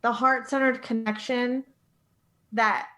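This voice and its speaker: A woman dog trainer tells her stories with animated, heartfelt energy. Her voice sits a bit on the high side. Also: takes it slowly. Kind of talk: casual conversational interview.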